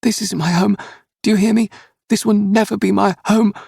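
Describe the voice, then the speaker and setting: A small, frightened boy of noble birth, high and strained, swinging between pleas and indignant demands, as a man puts him on. The voice has a gravelly, husky edge and sounds dry and close. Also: huge pitch swings, moderate pace, dry recording, full character voice. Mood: defiant.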